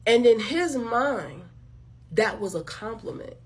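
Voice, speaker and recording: A woman's voice: fairly high pitch, lively intonation, slow pace, a little hiss or hum. Blunt, fired-up woman ranting to viewers. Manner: blunt, emphatic, profane, addresses listeners as y'all. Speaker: channel host. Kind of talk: direct-to-camera commentary rant.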